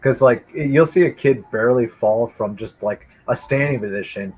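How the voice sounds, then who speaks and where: A man chatting casually and telling animated childhood stories, acting out voices of his family. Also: medium pitch, moderate pace, slight background noise, poor audio. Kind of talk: casual chat.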